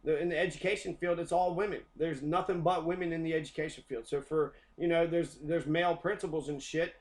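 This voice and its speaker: A man's voice: on the high side, fairly even intonation, a little fast. A young adult American man delivering a heated, profane rant, often repeating himself. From United States. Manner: profane, heated, repetitive ranting. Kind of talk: angry rant.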